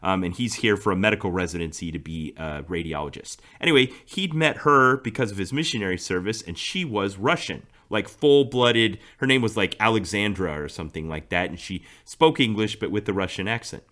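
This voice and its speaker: Man, podcast co-host, storytelling, bright tone, lowish voice. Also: lively intonation, fairly quick, few pauses. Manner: storytelling, laughs often. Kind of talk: casual chat.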